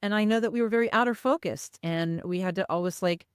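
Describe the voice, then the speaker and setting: A woman's voice: mid-range voice, fast talker, smooth, no echo, studio quality. A woman co-hosting a podcast, talking in an earnest, reflective, candid way in casual chat. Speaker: podcast co-host.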